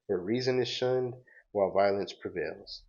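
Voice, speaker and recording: A man's voice: lowish voice, normal speed, darkish tone, lightly acted. A man reading aloud as a sorrowful, noble male cosmic wanderer in solemn archaic speech, on a dull lo-fi recording.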